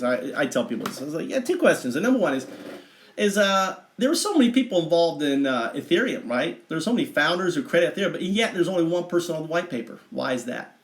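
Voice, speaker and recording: Rambling man in an echoey room. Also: fairly high pitch. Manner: digressive, restarts often, bursts of excitement. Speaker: vlogger explaining a chart of figures. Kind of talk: rambling casual monologue.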